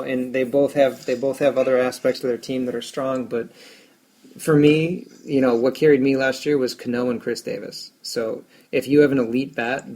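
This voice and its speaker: A man's voice: mid-range voice, vocal fry, a little mellow. A man co-hosting a podcast about fantasy baseball, rambling in casual chat and making fun of himself. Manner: self-deprecating, rambling with restarts.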